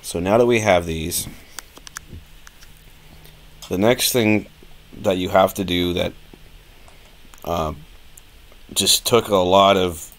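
A man's voice: low-pitched, fairly even intonation, slow pace, pauses often. A man casually talking through a live-streamed modeling tutorial, thinking aloud with plenty of fillers and restarts.

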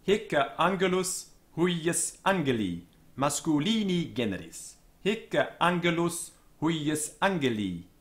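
Slow, lively-voiced male Latin teacher. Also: a little high. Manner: deliberate, careful pronunciation drills, repeating each word. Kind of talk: slow vocabulary lesson with repeated Latin words.

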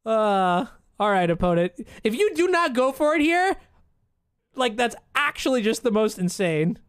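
A streamer giving casual live commentary on their own card game, muttering, swearing and breaking into excited outbursts. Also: medium pitch, unhurried, smooth, dry recording, clean studio sound. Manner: chats to chat and opponent.

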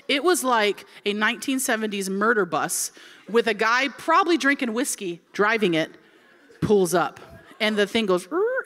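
Lively, bright-voiced woman pastor in her forties. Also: fairly high pitch. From Florida. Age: 40s. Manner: animated, comic, acts out quoted voices. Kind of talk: humorous sermon storytelling.

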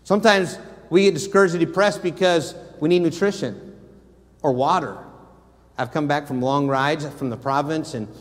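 An American man delivers a sermon from the pulpit, his voice sitting a little high for a man. He tells stories with energy and acts out the quotes himself. A long church reverb trails behind every phrase. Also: normal speed. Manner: animated storytelling, acts out quotes. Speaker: missionary preacher. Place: church sanctuary.

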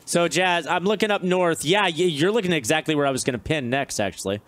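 A man's voice: on the high side, a little fast, a bit bright. A man cracking playful jokes in casual banter during a co-op game. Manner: playful, wisecracking. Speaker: let's play co-host.

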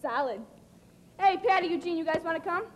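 A woman's voice: very high voice, a little fast. A teenage girl playing a teasing tough girl in a school stage musical, singing with a slangy sass. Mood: cool. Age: teens. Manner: cool, slangy drawl, sassy belting. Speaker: student actor. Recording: echoey stage with loud band.

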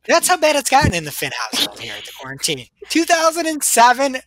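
A woman's voice: high-pitched, wildly swooping pitch, fast, a crowd in the background. A woman hosting a podcast who tells stories in a playful, teasing way. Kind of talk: casual banter.

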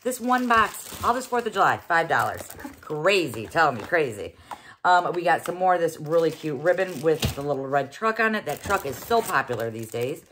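A middle-aged woman chats her way through an unboxing review, exclaiming and thinking aloud as she goes. Her voice sits a little low for a woman. A faint noise hangs under the recording. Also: big pitch swings, moderate pace, fairly bright tone. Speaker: host. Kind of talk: casual unboxing review vlog.

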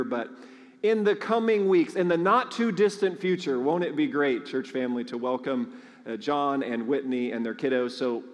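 A man preaching to his congregation, chatty and storytelling, often asking the people questions. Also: on the high side. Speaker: pastor. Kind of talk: sermon with announcements. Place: large church sanctuary. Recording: long hall reverb.

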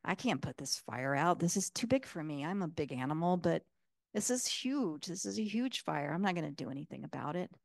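A woman voicing a big male bear in a spoken animal tale, low and resigned. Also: lively intonation, fairly quick, vocal fry, dry recording, clean studio sound, heavily acted.

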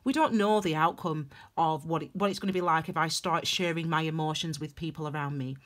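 Animated woman reading tarot. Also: fairly quick. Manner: animated, emphatic, repeats phrases for stress, big swings in pitch and loudness. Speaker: tarot reader. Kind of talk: casual intuitive tarot reading to camera.

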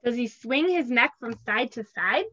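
A woman in her thirties, a teacher leading children's story time, singing simple songs and reading a picture book aloud in a gentle, expressive way. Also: a little high, normal speed. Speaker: preschool teacher. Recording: dull lo-fi sound.

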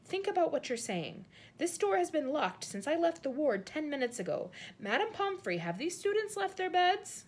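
A woman voicing a calm, gentle old male headmaster who speaks quietly. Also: high-pitched, normal speed, a little hiss or hum, pitched above the performer's own voice.

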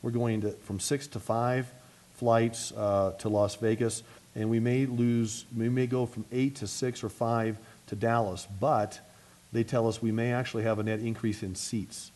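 A middle-aged man, a city mayor, giving an energetic luncheon speech and answering questions, talking fast with frequent restarts. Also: mid-range voice.

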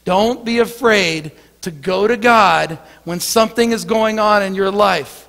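A man's voice: high-pitched, measured pace, vocal fry, fairly bright tone, in a large hall. A male pastor giving an earnest sermon, often repeating words as he starts his sentences.

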